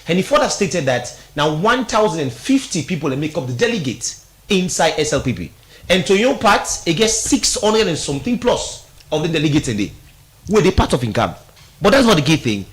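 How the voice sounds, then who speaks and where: A man with a Sierra Leonean Krio-inflected accent holds forth on a radio talk show, breaking down a political speech. His voice sits a bit high and swings widely in pitch. He talks in an emphatic way and slides between Krio and English. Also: sing-song, a little fast.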